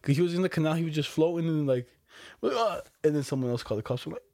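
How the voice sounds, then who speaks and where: Lässiger junger Mann, trocken aufgenommen. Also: male voice, a little high, very fast, mellow, no room sound. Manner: laid-back storytelling, swears, laughs often. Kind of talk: casual chat.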